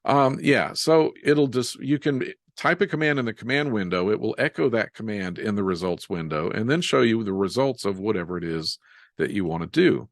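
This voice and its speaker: A man teaching a live software webinar, explaining each step as he types and joking about his own typos. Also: on the low side, normal speed, dry recording, studio quality. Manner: relaxed, self-deprecating, walks through steps while typing. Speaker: software instructor.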